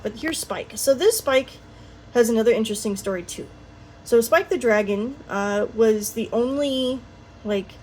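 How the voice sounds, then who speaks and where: Woman vlogger, casual rambling show-and-tell, mid pitch, faint hiss. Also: darkish tone. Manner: chatty and rambling, frequent ums and little laughs. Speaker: toy collector vlogger.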